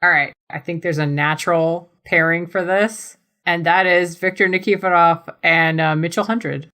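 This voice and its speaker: A woman co-hosting a podcast, telling an animated, giggly story in casual chat. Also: fairly low pitch, moderate pace. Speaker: podcast co-host.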